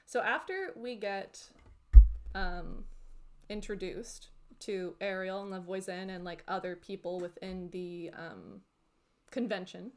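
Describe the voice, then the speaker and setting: A woman's voice: mid-range voice, steady tone, slow, slight background noise. A woman co-hosting a podcast in casual chat, frank and laughing, with blunt jokes. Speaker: podcast co-host. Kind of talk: casual chat, reading from a book.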